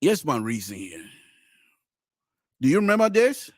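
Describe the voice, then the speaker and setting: A middle-aged man tells his story into a close mic, his pitch leaping and dropping as he goes. He stumbles into restarts and repeats, then bursts out loud before sinking back to a murmur. The sound is dry and near. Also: a little slow, no echo. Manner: animated, swings between loud exclamations and low murmurs; frequent restarts and repeated words. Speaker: podcast host. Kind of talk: storytelling commentary.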